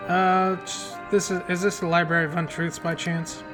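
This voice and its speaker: A man's voice: high voice, little pitch movement, moderate pace. A man streaming a game, chatting casually and joking at his own expense. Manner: chatty, self-deprecating. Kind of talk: casual let's-play commentary. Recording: game music playing behind.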